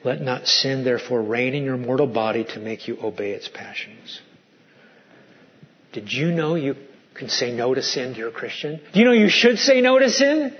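A male pastor preaching a sermon with animated delivery, swinging from loud to hushed. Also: mid-range voice, moderate pace. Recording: muffled lo-fi sermon recording.

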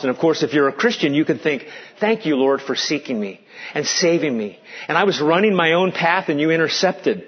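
A man preaching a sermon as pastor, earnest, drawing out key words slowly for weight. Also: fairly high pitch, animated, slightly rough, muffled recording.

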